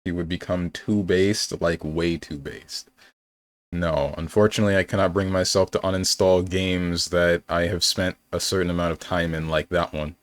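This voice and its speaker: Young man, game streamer, very low voice, dry close sound, rambling and playful. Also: little pitch movement, moderate pace, no room sound. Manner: rambling, thinking aloud, playful. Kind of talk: casual live-stream chat.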